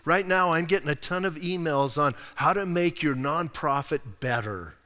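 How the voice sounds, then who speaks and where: A man's voice: on the high side, moderate pace, bright, forceful tone. A man preaching a sermon as pastor, in a conversational style with rhetorical asides, sometimes acting out the people he quotes. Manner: acts out quoted voices. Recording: long hall reverb.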